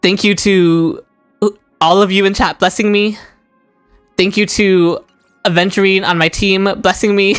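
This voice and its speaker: A woman with a smooth, mid-range voice streams a game live on a desk microphone, speaking slowly in a steady tone with long pauses, faint music behind. She chats with viewers in chat and shrieks with delight at lucky rolls.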